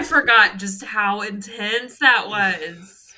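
Bright-voiced female podcast co-host, emphatic, quick to push back. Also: on the high side, sing-song. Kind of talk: casual podcast chat.

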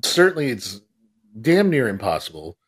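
A man's voice: medium pitch, sing-song, moderate pace, a bit bright, slightly rough. A man co-hosting a podcast in casual chat, sardonic and complaining in a playful, exaggerated way. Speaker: podcast co-host.

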